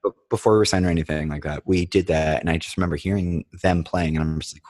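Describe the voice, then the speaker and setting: Deep-voiced rambling musician man. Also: quick pace, few pauses. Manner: rambling, full of "like" and swearing. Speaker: touring band musician, guest. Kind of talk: casual storytelling chat.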